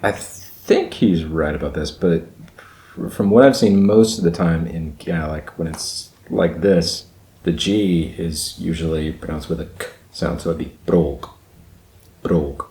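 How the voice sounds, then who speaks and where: A man's voice: low-pitched, a little slow, warm tone, echoey room, poor audio. A man hosting a reaction video, thinking aloud with fillers and repeating words as he tries saying them. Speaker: channel host reacting to a video. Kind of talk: casual reaction commentary.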